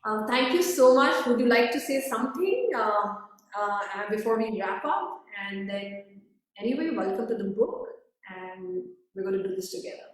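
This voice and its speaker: A woman's voice: fairly high pitch, sing-song, normal speed. A woman hosting a live video interview, effusive and emotional, often repeating herself. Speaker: host. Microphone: video call. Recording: echoey room, far from the mic.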